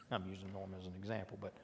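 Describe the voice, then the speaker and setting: A man's voice: low voice, level tone, fast talker, big-room sound, a little hiss or hum. A man giving an informal sermon at a midweek church service, talking conversationally and often asking his listeners rhetorical questions. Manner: conversational, asks the audience rhetorical questions, frequent restarts. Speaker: preacher leading a midweek Bible class. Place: church auditorium.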